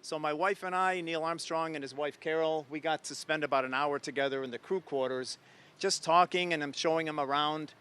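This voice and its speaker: A man in his sixties from Ohio, his voice a bit high for a man, tells a story with eager enthusiasm. He speaks as an astronaut guest in an interview. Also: fairly even intonation, a little fast, fairly bright tone, clear, resonant tone.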